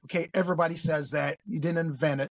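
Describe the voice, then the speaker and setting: A man's voice: a little high, steady tone, fast. A man telling a crime story in a casual, blunt, profane way.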